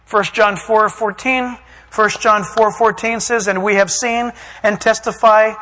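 A man preaching a sermon, reading verses and acting out scenes with shouts and put-on voices. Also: sits high, long reverb tail, low-quality recording. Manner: animated, acts out voices and shouts for emphasis.

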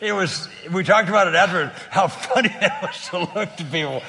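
A man being interviewed, telling a faith story in a lively way, laughing often and acting out the people in it. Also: sits high, fairly quick, gravelly, long reverb tail. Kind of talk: animated storytelling in a talk-show interview.

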